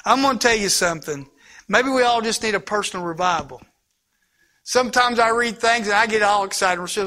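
A man preaching a sermon with passion, shifting between loud, urgent lines and hushed, near-whispered ones. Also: high voice, a little fast. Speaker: pastor.

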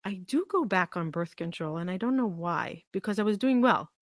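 A woman's voice: on the low side, moderate pace, dry recording. Woman telling a raw personal story. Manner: emotional, animated retelling with quoted dialogue. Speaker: podcast guest.

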